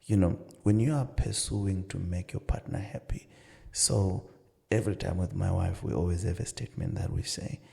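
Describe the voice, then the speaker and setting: A middle-aged man, a marriage counsellor and pastor, earnestly telling stories and acting out dialogue in a relaxed conversation. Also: sits low, normal speed, creaky. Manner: earnest storytelling with many "you know" asides, acting out dialogue. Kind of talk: casual advice-giving conversation.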